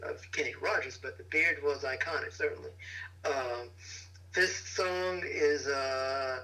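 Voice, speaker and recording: A man's voice: mid-range voice, bright, forceful tone, poor audio. A man co-hosting a casual music review podcast, thoughtful and hesitant with many ums and you-knows. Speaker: podcast co-host.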